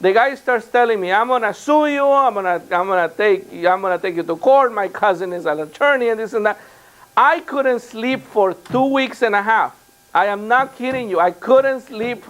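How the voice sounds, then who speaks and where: A man, a real estate trainer, telling anecdotes to a live seminar audience and acting out what others said. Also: sits high. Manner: animated anecdotes with quoted dialogue. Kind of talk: storytelling seminar talk.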